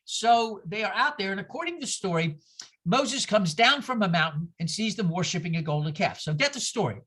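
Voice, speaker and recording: A woman giving a lively, sarcastic talk, acting out voices with exaggerated outbursts as she teaches. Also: mid-range voice, fairly quick, slightly rough. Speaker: speaker giving a talk on scripture. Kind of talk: lively lecture.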